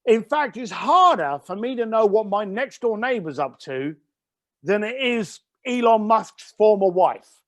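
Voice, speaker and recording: Unhurried yet animated, the high voice belongs to a middle-aged man, a business founder giving an interview. He shares blunt, emphatic stories conversationally, swearing casually, and the dry recording comes across a bit bright.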